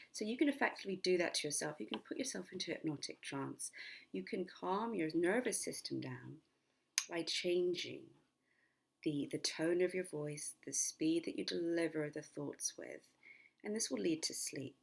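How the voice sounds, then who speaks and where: A middle-aged woman hypnotherapist giving a chatty self-help lesson, at times dropping into a slow, sleepy, whispered demonstration voice. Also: sits low, vocal fry, slightly rough. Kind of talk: casual spoken self-help lesson to camera.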